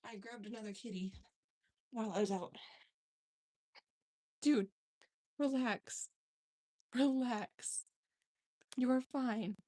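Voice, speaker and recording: A woman's voice: fairly high pitch, fairly even intonation, slow pace, pauses often, dark tone, dry recording, studio quality. A woman vlogging at home, coaxing her cats onto the bed with giggly baby talk. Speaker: vlogger, cat owner. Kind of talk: casual chat with her pets.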